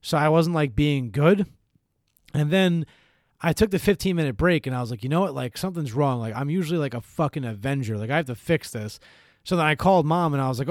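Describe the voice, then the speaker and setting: A young man in casual chat, telling animated, rambling stories full of swearing. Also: on the high side, fast, no echo, clean studio sound.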